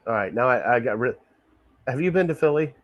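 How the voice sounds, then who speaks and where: A man's voice: medium pitch, animated, a little fast, no echo, muffled recording. Upbeat man hosting a casual podcast. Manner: enthusiastic, laughs often, repeats himself. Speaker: podcast host. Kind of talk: casual sports podcast chat.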